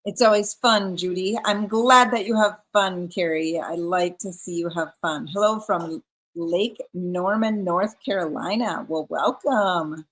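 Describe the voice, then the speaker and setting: A woman's voice: on the low side, unhurried, fairly bright tone. A woman hosting a live craft stream, chatting casually and reading viewer comments aloud. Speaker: craft livestream host. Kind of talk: casual livestream chat.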